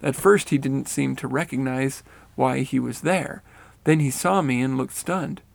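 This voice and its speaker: A man reading a first-person spiritual story aloud in a steady, earnest way. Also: mid-range voice, measured pace, creaky, no room sound.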